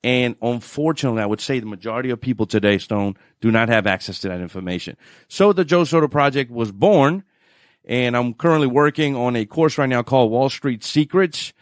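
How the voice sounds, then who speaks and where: A man with a New Orleans accent, a financial adviser guest on a radio show, telling stories in an animated way and laughing often. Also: medium pitch, brisk, no room sound, clean studio sound. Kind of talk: radio interview chat.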